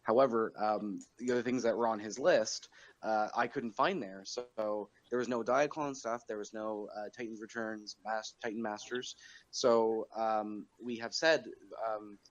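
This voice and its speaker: A man's voice: on the low side, steady tone, measured pace, dull audio. A young man hosting a podcast, chatting casually and rambling with lots of fillers and chuckles. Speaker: podcast host.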